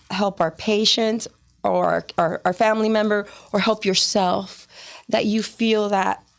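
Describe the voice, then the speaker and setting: Brief: woman podcast host, gravelly edges, warm encouragement of her guest. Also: mid-range voice. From Miami, United States. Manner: supportive, agreeing, asks rambling questions. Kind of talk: casual interview.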